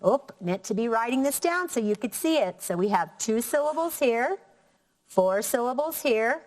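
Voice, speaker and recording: Slow, clear woman teaching young children. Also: a little high, big-room sound. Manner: slow, clear, counting out syllables. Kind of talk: elementary classroom lesson.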